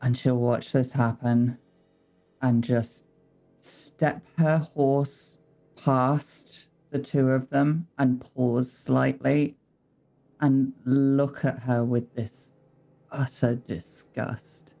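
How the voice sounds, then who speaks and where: A man playing a tabletop role-playing game, describing his character's actions in deliberate, descriptive narration. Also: medium pitch, fairly even intonation, creaky, warm tone. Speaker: player.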